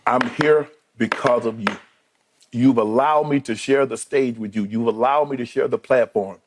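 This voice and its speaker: A man in his fifties, a sports debate co-host, giving a heartfelt, choked-up farewell speech with halting restarts in a TV studio. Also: mid-range voice.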